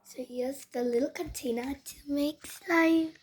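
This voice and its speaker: A young girl from Australia chatting excitably in a casual vlog, often stumbling over words. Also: sits high, measured pace, a little hiss or hum. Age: child. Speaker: vlogger.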